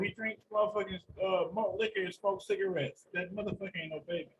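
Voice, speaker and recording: A man's voice: high voice, quick pace, hardly any pauses, slight background noise, low-quality recording. A man hosting a casual podcast, telling stories animatedly with lots of swearing. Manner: animated storytelling, heavy profanity. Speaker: podcast host.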